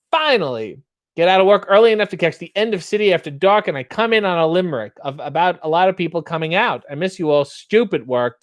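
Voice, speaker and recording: A man with a fairly high, very lively voice swings between hammy mock-theatrical verse readings and flat, wry comments to his chat. It sounds like a casual livestream host talking into a desk mic. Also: no room sound.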